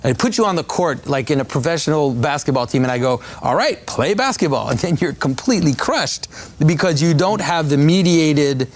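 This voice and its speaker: Man explaining ideas through slow analogies. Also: a little high. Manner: measured, abstract, reaches for analogies. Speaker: speaker in a played clip. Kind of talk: lecture-style explanation.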